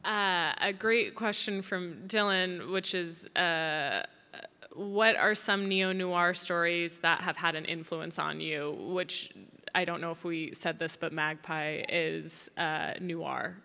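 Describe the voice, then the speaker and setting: Bright-voiced woman moderator, echoing hall. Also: fairly low pitch, fairly even intonation, gravelly, smooth. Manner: measured, reading out questions. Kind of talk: reading audience questions at a live panel. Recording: reverberant hall from a live event.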